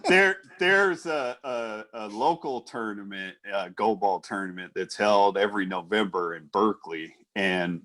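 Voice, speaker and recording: A man's voice: fairly low pitch, measured pace, few pauses, bright, forceful tone. Chatty man co-hosting a sports talk show. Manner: conversational, many fillers and restarts, laughs often. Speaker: podcast co-host. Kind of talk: casual chat.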